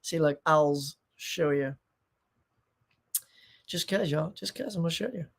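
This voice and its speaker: A man's voice: a little high, unhurried, vocal fry. A middle-aged man hosting a live stream in casual chat, rambling, reading viewer comments aloud and tossing in playful asides. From United States.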